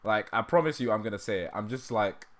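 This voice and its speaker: A man's voice: fairly low pitch, animated, fast talker, a bit bright, a little hiss or hum. A man hosting a casual livestream, laughing often and joking about himself, with a dry throat. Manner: laughs often, self-deprecating. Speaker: livestream host.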